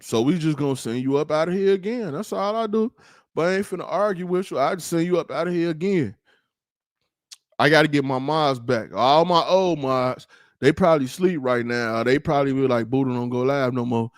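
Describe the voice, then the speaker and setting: A man hosting his own livestream, ranting in a loose, slangy, rambling way with plenty of animated asides. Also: fairly high pitch, brisk, no echo, clean studio sound. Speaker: livestream host. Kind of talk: casual livestream rant.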